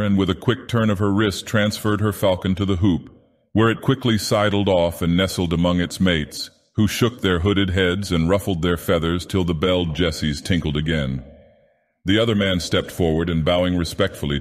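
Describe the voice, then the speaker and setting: A grand, menacing ancient god-villain, voiced by a man, reads a storybook tale in a very deep, slow, theatrical voice. Long reverb hangs behind every word, so he sounds as if he speaks from a vast hall. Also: lightly acted. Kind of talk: audiobook narration in character.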